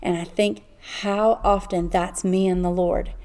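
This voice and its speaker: Heartfelt woman with a mellow voice. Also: on the low side, little pitch movement, a little slow. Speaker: Bible study co-host. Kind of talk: casual Bible study chat.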